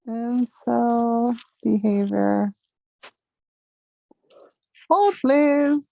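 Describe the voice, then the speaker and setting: A woman running a casual live chat who swears freely and rambles from one thought to the next. Her voice sits fairly high and sounds dry and close, with no room around it. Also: drawn-out words, gravelly, warm tone, dry recording, lo-fi sound. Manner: angry, profane, rambling. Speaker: chat host.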